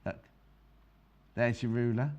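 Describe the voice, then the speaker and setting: A woman's voice: very deep voice, steady tone, takes it slowly, a little mellow, muffled recording. A middle-aged woman presenting a live TV sewing demonstration as a quilting expert, chatty and bantering with crew and viewers.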